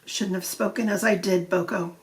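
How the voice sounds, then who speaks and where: A woman voicing an elderly male vicar, fussy and emotional, with soft, earnest old-fashioned speech. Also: medium pitch, moderate pace, natural voice.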